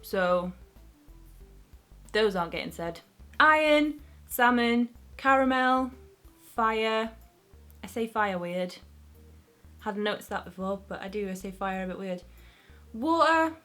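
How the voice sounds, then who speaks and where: A woman's voice: mid-range voice, a little slow, pauses often, sharp tone, soft background music. A young woman with a Northern English accent, vlogging in a chatty way, thinking aloud and repeating words as she tests how she says them. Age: young adult. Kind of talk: casual chatty vlog.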